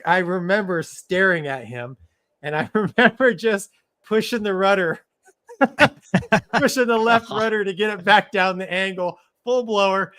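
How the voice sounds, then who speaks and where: This middle-aged man has a high voice and used to fly fighters for the Navy; now he co-hosts a live show. His casual story comes out animated, peppered with "man" and "dude," and he laughs partway through sentences.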